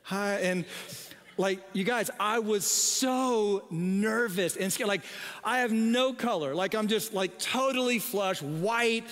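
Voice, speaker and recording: A man in his forties preaching a sermon, telling a story in a self-deprecating, animated way with halting restarts. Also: high-pitched. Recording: long reverb in a large hall.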